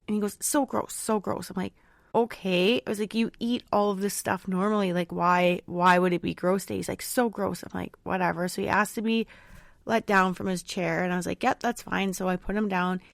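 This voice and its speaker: A woman's voice: mid-range voice, gravelly, dry recording, studio quality. A woman podcast host and mother chatting casually through a personal story, rambling with lots of fillers. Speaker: mother of a young child.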